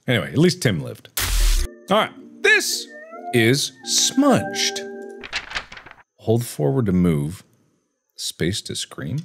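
A man in his thirties hosting a let's play, talking to himself through a horror game and breaking into high yelps and shouts. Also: slow pace, pauses often, music in the background. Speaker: gaming video host. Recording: steady background noise.

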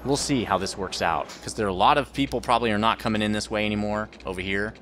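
A man's voice: lowish voice, fast, a bit bright, a little hiss or hum. A man rambling through let's play commentary as the host of a gaming channel, joking about his own mistakes.

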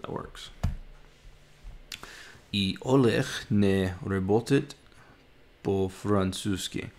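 A man talks through his language practice in a casual vlog, pausing to sound out words and fix his own mistakes. His voice sits very low with a gravelly fry running through it, and he muses aloud as he works. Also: a little mellow. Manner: halting, sounds words out, self-correcting. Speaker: language-learning vlogger.

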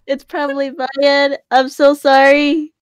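A woman with a high voice joins a voice chat, flustered and apologetic. Her sound is close and dry, with no room around it. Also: little pitch movement, measured pace, no room sound. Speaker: guest joining voice chat. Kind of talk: casual voice chat. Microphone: home mic over laggy voice chat.

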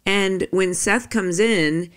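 A woman co-hosting a casual podcast who tells stories in an animated, giggly way. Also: mid-range voice, takes it slowly, clean tone. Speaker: podcast co-host.

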